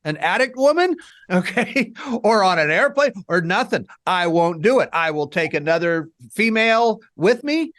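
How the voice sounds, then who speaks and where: A man's voice: sits high, very animated, normal speed, a bit bright, no room sound, studio quality. A man co-hosting a recovery-group interview, speaking emphatically with stammered starts. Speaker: co-host, founder of recovery group. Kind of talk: casual interview chat.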